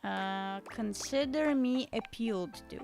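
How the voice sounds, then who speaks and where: Slow-talking amused woman streamer. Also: on the high side, vocal fry, music in the background. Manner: amused, giggly. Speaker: streamer playing a game. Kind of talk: casual commentary.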